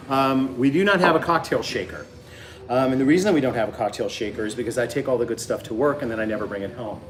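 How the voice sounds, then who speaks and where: A man's voice: mid-range voice, fast, slight background noise. A man hosting a casual home cocktail show from his kitchen, joking and rambling with lots of fillers. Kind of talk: casual cooking chat.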